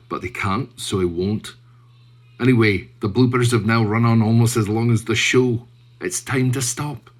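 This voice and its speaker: A man putting on a brisk, bossy mock-Scottish voice to send viewers away. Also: low voice, breathy edge.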